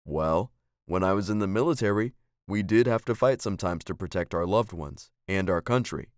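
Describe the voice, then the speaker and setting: Man doing a soft-spoken veteran father. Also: sits low, moderate pace, clear, resonant tone, no echo, clean studio sound, lightly acted. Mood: calm. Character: warm, calm father and former soldier.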